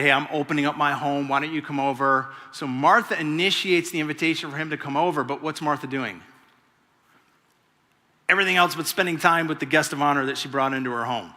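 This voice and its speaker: A male pastor preaches in a bright, forward voice that sits a little high for a man. He talks in a conversational way and acts out the people in the story. His voice rings with the long reverb of a large church hall. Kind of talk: sermon.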